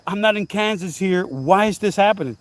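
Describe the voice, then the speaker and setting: A man vlogging outdoors at night, telling a story in an animated, repetitive, exclaiming way, now and then coughing. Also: high voice, moderate pace, slight background noise. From New Jersey. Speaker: channel host. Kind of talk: casual storytelling vlog.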